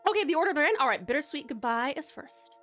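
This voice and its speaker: A woman's voice: high voice, expressive, fast talker, a bit bright. A bubbly Australian woman chatting with her stream audience and reading stories, laughing often. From Tasmania, Australia. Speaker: streamer and story narrator. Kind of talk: live-stream chat and story reading. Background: background music.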